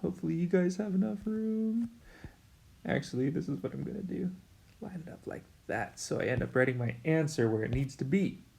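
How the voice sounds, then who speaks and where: With a fairly high, gravelly, dark-toned voice and a fairly quick pace, a man delivers a recorded whiteboard math lesson. He explains things chattily and casually, speaking to his students directly and joking about the slips he makes along the way.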